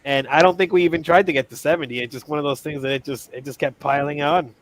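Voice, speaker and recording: A man's voice: a little high, fairly even intonation, fast, rough recording. A man co-hosting a sports podcast, easygoing and reasoning in casual chat.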